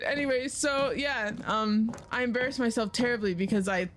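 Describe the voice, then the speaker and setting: A woman's voice: on the high side, moderate pace, hardly any pauses, fairly bright tone, slight background noise. Chatty young woman streamer, swearing. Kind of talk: casual gameplay chat and storytelling.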